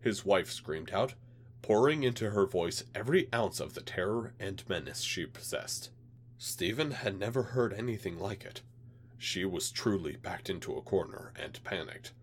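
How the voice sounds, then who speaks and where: A man reads a science fiction tale aloud as an amateur audiobook, storytelling with drama. His voice sits low yet moves a lot in pitch, and he sounds slightly ill. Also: lively intonation, moderate pace, slight background noise. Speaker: narrator.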